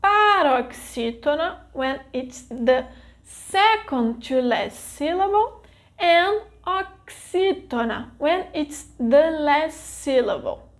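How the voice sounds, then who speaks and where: A Brazilian woman, a native Portuguese speaker, teaching a scripted language lesson in a clear, deliberate way. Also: high-pitched, expressive.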